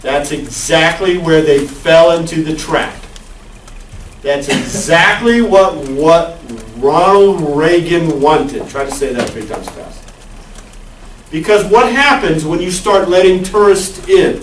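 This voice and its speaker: A man's voice: a little high, animated, takes it slowly, slight background noise. Man lecturing a class in an echoey room. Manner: conversational, asks the class questions. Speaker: college lecturer. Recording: echoey classroom, far from the mic.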